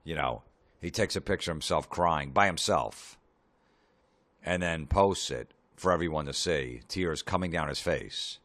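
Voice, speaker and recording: Very deep-voiced man ranting sarcastically. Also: a little slow. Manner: profane, sarcastic, deadpan asides. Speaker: comedy podcast host. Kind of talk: sarcastic comedic rant.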